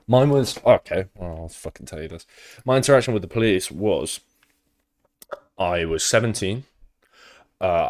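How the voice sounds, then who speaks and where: A young man with a British accent, chatting casually on stream, rambling through sweary anecdotes. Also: sits low.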